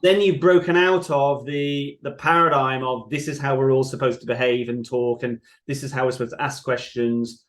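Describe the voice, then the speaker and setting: A man's voice: mid-range voice, fairly even intonation, moderate pace, few pauses. A man as a podcast guest, talking casually and reflectively, now and then mimicking how other people speak. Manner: reflective, sometimes mimics voices while making a point.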